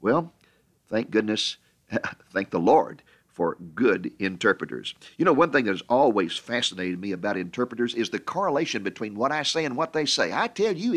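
A middle-aged man preaching a sermon and telling stories in an animated way, often stammering and repeating words. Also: mid-range voice, moderate pace. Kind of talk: sermon storytelling.

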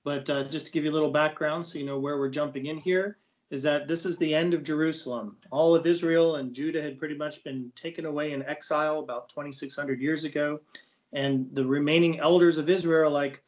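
Guy co-hosting a bible study show, a bit high voice, jokey, dull lo-fi sound. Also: brisk. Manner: joking, teasing, lively. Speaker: co-host of a Bible study program. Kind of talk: casual Bible study chat.

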